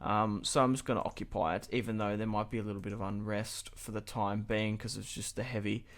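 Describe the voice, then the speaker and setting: A man's voice: fairly low pitch, fairly quick. A young man giving casual, chatty commentary over a strategy game, thinking aloud as he plays. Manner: chatty and relaxed, thinking aloud, with light laughs. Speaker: channel host, gameplay commentator.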